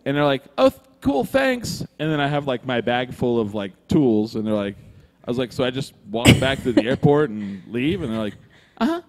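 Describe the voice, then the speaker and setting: A man's voice: medium pitch, brisk, slight background noise. A man recorded live in a brewery room with long reverb trailing his voice. He tells a rambling story casually, swearing freely and putting on the other people's lines as he goes. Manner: animated, swears freely, acts out quoted voices. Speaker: podcast co-host telling a story.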